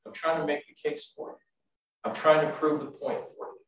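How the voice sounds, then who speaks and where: A man preaching a sermon with a somewhat high voice, his lines climbing into emphatic, repeated bursts. He stands well away from the mic, and the room rings with heavy echo. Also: flat delivery, a little fast. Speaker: pastor. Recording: echoey room, speaker far from mic.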